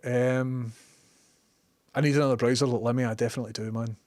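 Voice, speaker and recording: Here a Glaswegian livestreamer talks fairly quickly in a steady, medium-pitched voice with a darkish tone. He's sweary, opinionated and chatty in casual stream banter, captured in clean studio sound with no room echo.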